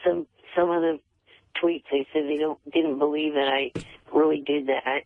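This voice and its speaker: A man's gravelly voice comes through a thin, tinny phone line. He talks haltingly, stumbling and repeating words as he calls in to a radio show. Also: a little high, fairly even intonation, no room sound. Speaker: caller.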